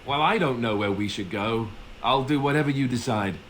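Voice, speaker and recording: A man's voice: medium pitch, fairly quick, fairly bright tone, a little hiss or hum, lightly acted, low-quality recording. An actor playing an earnest, self-deprecating young male warrior in a video game.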